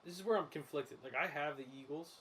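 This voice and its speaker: Excitable male host, fairly high voice, laughs a lot, live betting chatter over a faint hiss. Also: fast. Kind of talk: casual sports betting commentary while watching a game.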